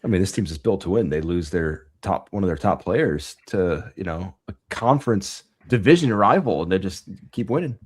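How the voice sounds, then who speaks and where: A man's voice: low-pitched, expressive, a little mellow, slightly rough. A man co-hosting a sports podcast, talking casually, often restarting and repeating words while he gathers his thoughts. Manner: halting, repeats himself while thinking. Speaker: podcast co-host.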